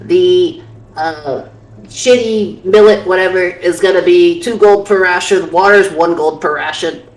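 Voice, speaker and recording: Casting: a woman playing a brisk shopkeeper, breezy and salesy, heard from a distant mic in a roomy space. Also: fairly low pitch, lightly acted. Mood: businesslike. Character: brisk woman shopkeeper, haggling over wares.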